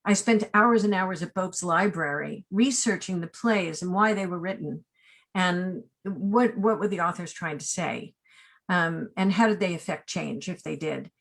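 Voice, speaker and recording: A woman in her sixties, a casting director being interviewed, who tells personal stories in an animated, rambling way full of asides and tag questions. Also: lowish voice, a little slow, vocal fry. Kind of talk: remote interview, personal storytelling.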